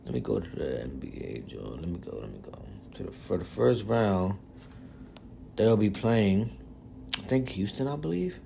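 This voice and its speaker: Animated young man, casual sports podcast. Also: lowish voice, moderate pace, creaky, slight background noise. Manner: animated, swings from loud pleading to muttering, heavy profanity. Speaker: podcast host.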